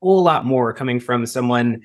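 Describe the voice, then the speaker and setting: In an interview, a U.S. man speaking as an emergency preparedness expert responds in a measured way punctuated by emphatic bursts. He has a mid-range voice.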